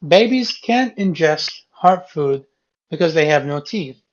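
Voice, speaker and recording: A male teacher talks through quiz answers at an unhurried, deliberate pace, saying key words again and again until they stick. His voice comes through a dull, lo-fi classroom recording. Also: on the high side, animated. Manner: repeats key words patiently, explaining step by step. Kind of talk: going over a reading quiz with a class.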